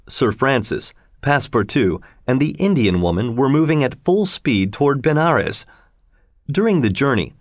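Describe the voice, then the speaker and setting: A man narrating a classic adventure story as an audiobook reader, in a steady, measured storytelling manner. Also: mid-range voice, no room sound, clean studio sound.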